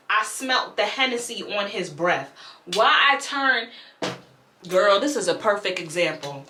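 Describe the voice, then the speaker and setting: A young woman tells a storytime with an animated, blunt delivery and swears freely. Her voice is bright and forward, and the room gives it a noticeable echo. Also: on the high side, a little hiss or hum. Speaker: YouTuber telling a storytime. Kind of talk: casual storytime vlog.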